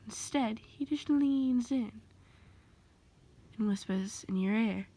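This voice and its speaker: A woman's voice: fairly high pitch, slow, pauses often, dark tone, slight background noise. A woman casually reading a second-person fan story aloud, rambling and correcting herself as she goes. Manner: loose, rambling delivery with self-corrections. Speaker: amateur storyteller.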